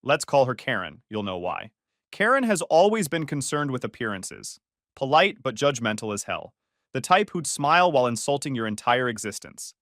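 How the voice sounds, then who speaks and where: A man's voice: medium pitch, big pitch swings, moderate pace, a bit bright, no room sound. A man narrating a first-person story in a dry, sarcastic manner.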